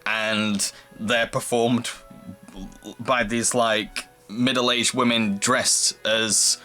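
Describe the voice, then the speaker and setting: A man's voice: medium pitch, level tone, very slow, bright, forceful tone, soft background music. Giggly man reviewing a film. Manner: giggly, rambling. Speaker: movie review host. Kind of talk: casual chat.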